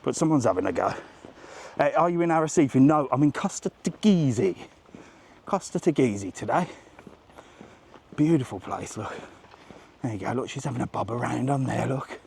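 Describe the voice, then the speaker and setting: A man's voice: medium pitch, animated, normal speed, vocal fry, long pauses, darkish tone, a little hiss or hum. A man in his forties hosting a casual live travel vlog while walking along an outdoor seaside promenade. He talks in a chatty, rambling, jokey way. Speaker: travel vlogger host.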